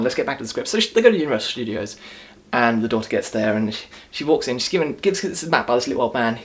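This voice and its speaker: A man giving a casual, sarcastic movie review rant, rambling and restarting as he goes. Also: medium pitch.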